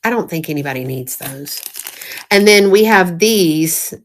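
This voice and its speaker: A woman's voice: fairly low pitch, animated, measured pace, a little hiss or hum. A middle-aged woman with a Southern US accent, chatting casually and folksily while showing thrifted jewelry, often breaking into giggles. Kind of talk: casual live-stream chat.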